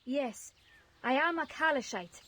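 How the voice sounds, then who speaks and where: A woman voicing a grieving refugee mother in a fantasy game, speaking formally and gently. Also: high-pitched, lively intonation, measured pace, heavy background noise. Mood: sorrowful. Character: grieving mother, refugee mage from a desert land. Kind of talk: game voice acting.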